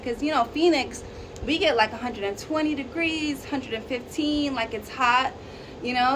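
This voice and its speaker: A woman telling a casual storytime on her vlog, chatty and animated with lots of fillers. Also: high-pitched, normal speed, slight background noise, poor audio. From Arizona, USA. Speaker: vlogger.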